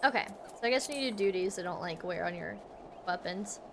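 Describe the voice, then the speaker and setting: A woman's voice: lowish voice, lively intonation, fairly quick, gravelly, noisy background. A woman streaming a video game, chatting in a bubbly way with her viewers. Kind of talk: casual gameplay commentary. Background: game music.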